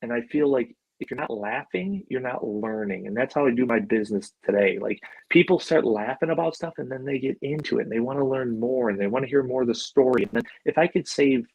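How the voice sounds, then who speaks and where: A middle-aged man from Buffalo, New York, an animal handler on a podcast, tells casual stories in a chatty, filler-heavy way ("like," "you know") with offhand swearing. His mid-range voice is gravelly and a little mellow with a breathy edge, animated and brisk with few pauses. There's no echo, but the audio sounds dull.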